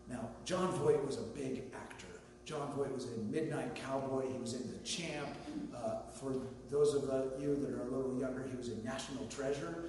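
A man's voice: mid-range voice, darkish tone. A man preaching a sermon as a pastor, in a conversational way with story asides and light humor. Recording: echoey hall from far off, faint hum.

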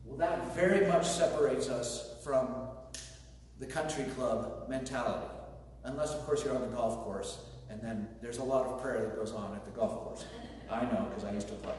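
A pastor delivering a conversational sermon with joking asides, speaking to a congregation. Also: male voice, medium pitch, moderate pace, a little mellow. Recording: very echoey hall, distant mic, faint noise.

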